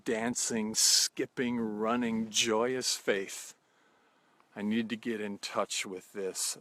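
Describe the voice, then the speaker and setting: A man preaching a short sermon outdoors, telling a story in a gentle, unhurried way with soft pauses. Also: fairly low pitch, no echo. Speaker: pastor. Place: outdoors at sunrise.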